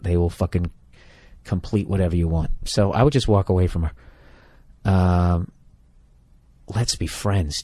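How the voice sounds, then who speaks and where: Deep mellow guy ranting blunt profane advice on his podcast, dry sound. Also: no echo. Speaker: podcast host giving advice. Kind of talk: casual comedic rant.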